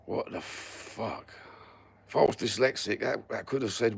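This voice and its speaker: A sarcastic Cockney man rambles through a sweary live-stream rant. His voice sits a little low, with a rough, gravelly edge and a husky texture. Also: normal speed. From London.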